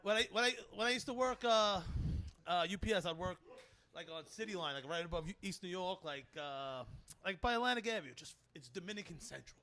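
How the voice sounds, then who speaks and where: A man's voice: high-pitched, animated, brisk, bright, forceful tone. A man with a Brooklyn accent hosting a casual comedy chat, telling rambling, crude stories and laughing often. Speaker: host.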